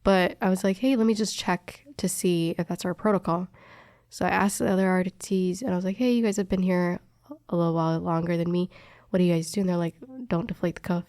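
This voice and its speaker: A woman's voice: fairly low pitch, brisk, dry recording, clean studio sound. Chatty young woman telling a story. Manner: animated, acts out quoted dialogue, many fillers. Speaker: respiratory therapist telling a story. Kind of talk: casual storytelling chat.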